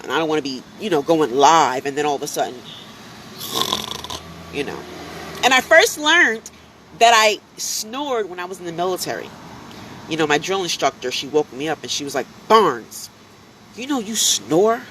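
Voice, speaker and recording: A woman talking casually to her followers on a live stream, telling animated stories full of fillers, a little drowsy from allergies. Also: sits low, moderate pace, long pauses, slight background noise, low-quality recording. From United States. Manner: chatty, animated storytelling, many fillers.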